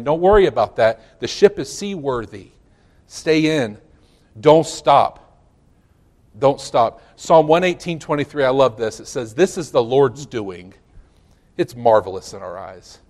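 A hoarse pastor preaching a sermon, a man who swings from loud declarations to low asides. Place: church sanctuary.

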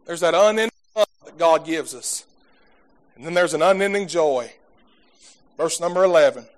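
Here a man with a slightly high, expressive voice preaches at a normal speed to his congregation. The sermon is folksy and fervent, marked by stumbles over repeated words and a swell from soft talk to shouting.

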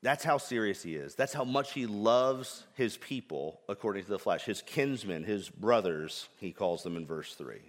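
Earnest preacher in a reverberant hall. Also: male voice, on the low side, animated, normal speed, hardly any pauses. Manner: earnest, emphatic, rhetorical questions. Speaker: pastor. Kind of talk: sermon.

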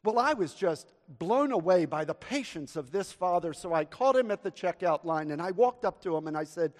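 Pastor with a high voice in a reverberant church. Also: male voice, expressive, normal speed, few pauses. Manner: earnest, storytelling with audience call-and-response. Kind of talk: sermon with prayer and humorous anecdote. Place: church sanctuary. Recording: long church hall reverb.

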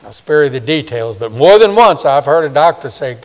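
A man in his sixties preaching a sermon, swinging from loud emphasis to hushed, soft asides. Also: on the high side, expressive, moderate pace, few pauses. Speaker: pastor. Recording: long reverb of a large hall.

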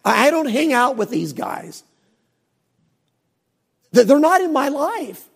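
A middle-aged man, a pastor, preaching in a folksy, animated storytelling way with asides. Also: very high voice, slow pace, vocal fry. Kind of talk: sermon.

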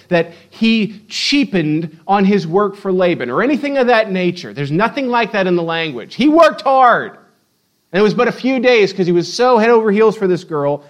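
A male pastor with a high-pitched voice delivers a lively sermon at normal speed. He retells the story with playful energy, slipping into acted-out quotes along the way.

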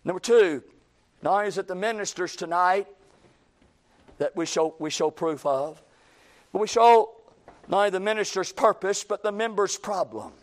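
A man's voice: sits high, moderate pace, pauses often. A man preaching a sermon in a folksy, emphatic way, repeating phrases and quoting imagined critics.

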